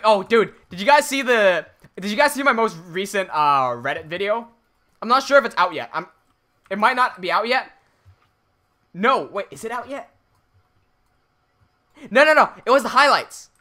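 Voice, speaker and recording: A chatty man from Hong Kong with an American-sounding accent, talking on a casual game livestream. His voice is bright and clear, and he reads viewer messages and restarts his sentences often. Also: high-pitched, animated, normal speed, pauses often. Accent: American-sounding English. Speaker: Minecraft livestreamer. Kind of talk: casual livestream chat while building.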